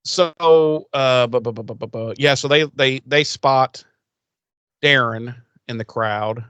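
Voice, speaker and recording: A man's voice: medium pitch, takes it slowly, fairly bright tone, clean tone, no room sound. A podcast co-host man recapping a TV episode in rambling casual chat, acting out the characters' lines and swearing freely.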